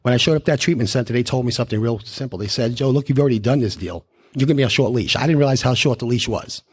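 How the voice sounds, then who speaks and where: A man's voice: medium pitch, rapid-fire, breathy edge. New man telling his recovery story. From New York. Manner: animated storytelling, acting out dialogue. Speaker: recovery meeting speaker. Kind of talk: personal recovery story told live. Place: live speaker meeting.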